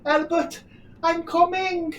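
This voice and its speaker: A man doing a frantic, flustered high voice. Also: little pitch movement, takes it slowly, a bit bright, far from the mic, lo-fi sound, a little hiss or hum, heavily acted. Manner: frantic calling out, scattered. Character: flustered man hurrying after a friend. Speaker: performer in a telepresence rehearsal.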